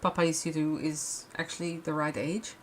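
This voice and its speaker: Low-voiced woman chatting while she crafts. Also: level tone, moderate pace, slight background noise. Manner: rambling, with frequent restarts and fillers. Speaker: crafting livestream host. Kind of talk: casual chat while crafting.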